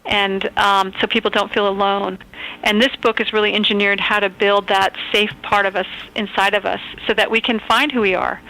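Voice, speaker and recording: Woman guest on a radio call, bright tone, steady flat delivery, earnest and measured. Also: medium pitch, rough recording. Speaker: author and phone-in guest. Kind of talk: radio interview. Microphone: phone call.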